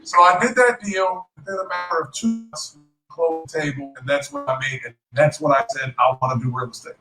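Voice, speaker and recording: A man giving a joking, motivational talk to a live audience at a business event. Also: a little high. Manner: lively, joking, self-described clown. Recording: echoey hall, voice from a distance.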